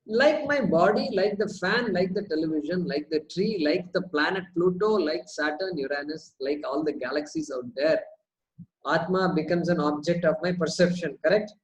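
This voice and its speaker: Guy teaching, kinda high voice, lively, keeps asking rhetorical questions. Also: normal speed, highs cut off. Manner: repeats words as he thinks. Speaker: spiritual teacher. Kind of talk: question-and-answer teaching session.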